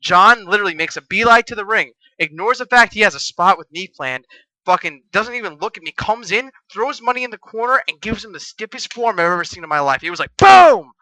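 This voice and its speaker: A young man co-hosting a podcast, telling a profane, animated story in casual chat. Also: high-pitched, fairly quick, dry recording, poor audio. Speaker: podcast co-host.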